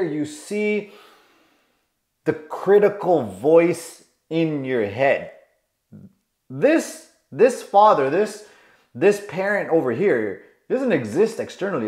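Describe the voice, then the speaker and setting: Man, self-help coach, lively pitch, earnest explaining, roomy echo. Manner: earnest, explaining, acts out inner voices. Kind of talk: motivational self-help talk.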